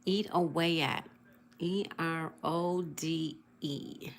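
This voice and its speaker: A woman's voice: deep voice, steady tone, drawn-out words, vocal fry, slight background noise. A woman hosting a casual livestream, greeting viewers, reading chat aloud and spelling out crossword answers. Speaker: livestream host.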